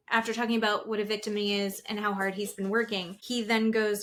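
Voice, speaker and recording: A woman's voice: medium pitch, level tone, brisk, hardly any pauses, fairly bright tone. A woman in her thirties co-hosting a podcast, recapping reality TV in gossipy casual chat. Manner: gossipy, acts out quotes with voices. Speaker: podcast co-host.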